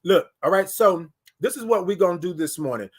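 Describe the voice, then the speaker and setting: A man hosts a casual morning livestream. His voice sits high, and he talks to the viewers in an animated way, reading their comments back to them. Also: fairly quick, slightly rough. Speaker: livestream host.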